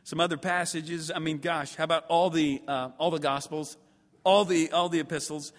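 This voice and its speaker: A man preaching a sermon at a seminary, animated and emphatic, acting out his listeners' thoughts and swinging between loud and quiet. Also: fairly high pitch, normal speed. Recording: long hall reverb.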